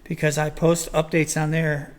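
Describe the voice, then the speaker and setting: A man's voice: fairly high pitch, completely flat delivery, normal speed. An older man, hosting a casual chat show and rambling through his points with plenty of ums and restarts. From Michigan. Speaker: podcast host.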